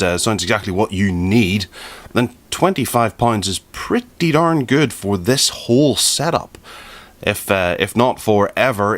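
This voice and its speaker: A man with a very low, deep voice talks through a product review in a relaxed, chatty way. He hosts a tech podcast and often restarts his sentences mid-thought. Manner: chatty, self-correcting, relaxed asides.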